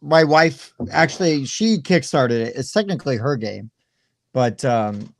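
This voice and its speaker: A man's voice: medium pitch, animated, measured pace, creaky, dry recording. A man co-hosting a casual board game livestream, cheerfully defending his favorites with playful exasperation. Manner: good-natured, defends his games with laughing exasperation. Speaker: board game show co-host.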